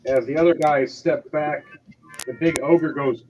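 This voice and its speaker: A man's voice: a little high, steady tone, a little slow, darkish tone. Man running a tabletop game, lo-fi. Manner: loose, filler-heavy narration with frequent ums and uhs. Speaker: game master. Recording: slightly dull, lo-fi sound with faint music behind.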